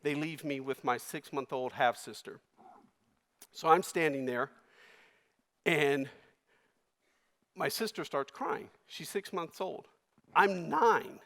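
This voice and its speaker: A man on stage delivering a keynote as an emotional personal story, his voice rising loud and then dropping hushed. His tone sits a little high for a man, and a long reverb of a large hall trails each phrase. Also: slow, pauses often. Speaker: keynote speaker.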